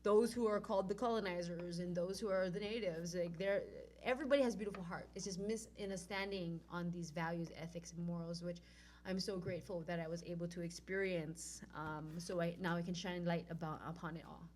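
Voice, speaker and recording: Animated woman telling a story. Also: fairly low pitch, brisk, slight background noise. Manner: animated, acts out quoted dialogue. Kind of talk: casual storytelling.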